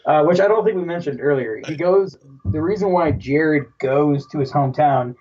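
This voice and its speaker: A man's voice: on the high side, moderate pace. Rambling man on a dull distant mic. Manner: rambling, restarts, laughs along. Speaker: podcast co-host. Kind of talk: casual movie discussion.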